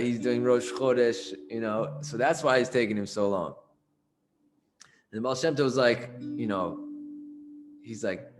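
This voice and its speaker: Man, casual storyteller, chatty, filler-heavy, soft guitar in the background. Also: medium pitch. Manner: loose and chatty, many fillers.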